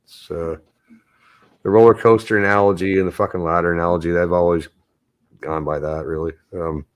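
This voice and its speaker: A man's voice: low voice, fairly even intonation, a little fast. A man chatting casually on a live stream, rambling and swearing often. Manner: rambling, swears a lot, gets anxious. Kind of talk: casual chat.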